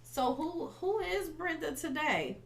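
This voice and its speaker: A woman's voice: high-pitched, big pitch swings, takes it slowly, vocal fry. A woman hosting a podcast who interviews her guest and backs her up with frequent short affirmations. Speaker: podcast host. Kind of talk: interview chat. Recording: echoey room, off-mic.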